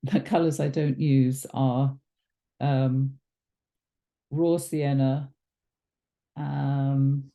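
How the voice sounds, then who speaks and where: Mellow-voiced woman teaching watercolour. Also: a bass voice, fairly even intonation, very slow, long pauses. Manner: chatty, thinks aloud with ums and self-corrections. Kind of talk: relaxed painting demonstration.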